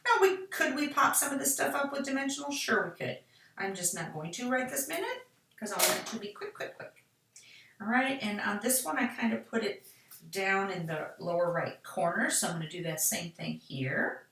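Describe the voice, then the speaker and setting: A chatty woman with a medium-pitched, slightly bright voice speaks animatedly at a moderate pace. She hosts a card-making tutorial, giving a casual craft demonstration and talking to herself as she works. The room is echoey and the mic sits at a distance.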